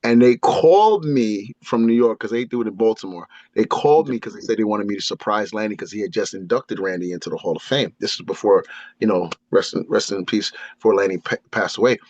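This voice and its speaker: Animated man telling stories, dull dry sound. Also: fairly low pitch, a little fast, no echo. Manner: animated, breaks into impressions. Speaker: guest. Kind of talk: casual storytelling.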